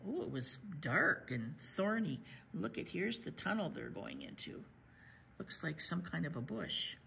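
A woman librarian reading a picture book aloud to children, pausing to chat about the pictures. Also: fairly low pitch, big pitch swings, vocal fry, fairly bright tone, slight background noise. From United States. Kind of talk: children's story read-aloud.

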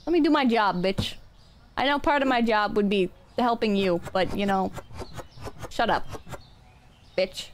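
Speaking at medium pitch and a normal pace, with slight background noise, a woman chats casually with her stream viewers during a game. Her manner is chaotic and self-mocking, full of swearing as she addresses chat mid-play.

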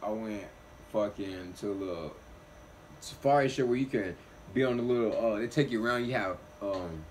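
A young man hosting a reaction video, telling a long story in loose, slangy, animated casual chat. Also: fairly low pitch, moderate pace, slight background noise.

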